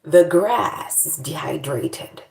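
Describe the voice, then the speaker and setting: A woman chats casually to camera, her low voice swinging widely up and down as she plays up her complaints for laughs. The sound bounces around a roomy, echoey space. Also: takes it slowly, creaky, slight background noise. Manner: animated, playfully dramatic complaining. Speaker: vlogger. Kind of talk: casual chat.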